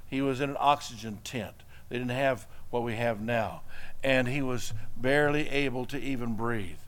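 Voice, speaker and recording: A man's voice: medium pitch, moderate pace, a bit bright. A man preaching a sermon, telling a story and building to emphatic exhortation. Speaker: pastor.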